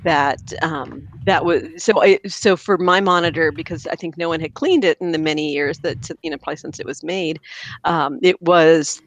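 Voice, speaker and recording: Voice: mid-range voice, steady tone, moderate pace, highs cut off. A podcast co-host chatting casually and enthusiastically about fixing up old arcade machines, with lots of fillers and restarts.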